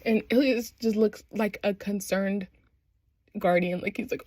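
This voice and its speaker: A young woman casually recapping a TV show, animated and slangy, acting out the characters' lines as she goes. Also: medium pitch, normal speed, no room sound. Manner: animated, slangy retelling with quoted voices. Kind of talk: casual chat.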